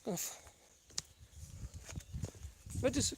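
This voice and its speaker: A man's voice: high voice, sing-song, normal speed, fairly bright tone. A man chatting casually as he hikes a rural path with his dogs, calling out to them and chuckling often. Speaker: vlogger walking his dogs. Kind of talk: casual rambling chat while hiking. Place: rural footpath outdoors.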